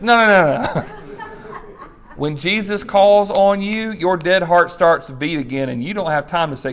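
Animated preaching man. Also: high voice, moderate pace. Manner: animated storytelling with acted-out voices and laughs. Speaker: pastor. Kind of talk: sermon.

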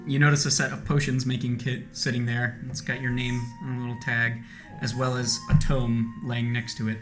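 A man narrating as game master in a tabletop role-playing game, animated and quick to laugh. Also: medium pitch, echoey room, music in the background.

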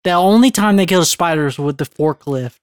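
A man's voice: on the high side, lively intonation, quick pace, clear, resonant tone, no room sound. Man, casual movie reaction, laid-back, wisecracking, dry close sound.

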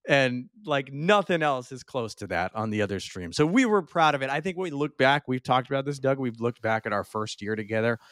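A male podcast host asks questions in a loose, halting way, laughing often as he talks. His mid-pitched voice is close to the mic and sounds dry. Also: animated, fairly bright tone, no echo. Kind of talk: casual podcast interview.

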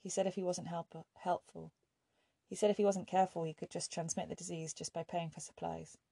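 A woman reading the lines of a frightened teenage girl in an audiobook, speaking softly and hesitantly. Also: lowish voice, little pitch movement, a little fast, creaky, breathy edge, no echo, clean studio sound. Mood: hushed worry. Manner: soft, hesitant.

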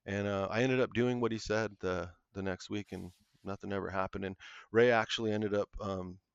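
Gravelly low-voiced man telling a story. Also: steady tone, dry recording. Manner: earnest, halting storyteller. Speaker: podcast guest. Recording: muffled lo-fi audio.

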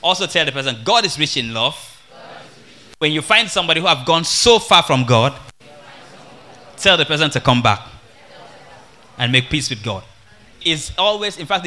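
Bright-voiced evangelist preaching. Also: male voice, a little high. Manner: animated, humorous, addressing the congregation directly. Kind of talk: sermon.

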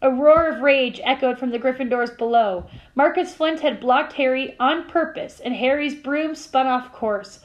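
High-voiced teacher reading a story aloud. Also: female voice, moderate pace, hardly any pauses, dull audio. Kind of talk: reading a novel aloud to a class.

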